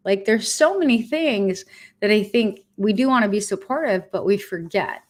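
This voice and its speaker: A woman's voice: medium pitch, animated, normal speed. A woman in her fifties talking candidly to her viewers on a livestream, earnest, blunt and heartfelt. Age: 50s. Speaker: vlogger sharing her cancer treatment.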